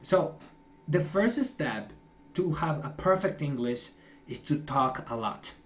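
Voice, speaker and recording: Young male English teacher, encouraging and chatty, slightly raised pitch. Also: animated, takes it slowly. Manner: encouraging, chatty, laughs often. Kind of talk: online class feedback.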